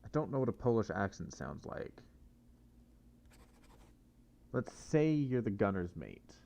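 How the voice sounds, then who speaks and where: A man's voice: lowish voice, sing-song, moderate pace, creaky, warm tone, dull audio. A man playing a mystery game, muttering and reasoning aloud to himself in casual commentary. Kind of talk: casual let's-play commentary.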